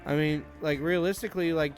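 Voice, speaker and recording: A man's voice: a little high, steady tone, fairly quick, faint music behind. A young man from Florida co-hosting a podcast, chatting casually, crude and joking, laughing often. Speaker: podcast co-host. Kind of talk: casual chat.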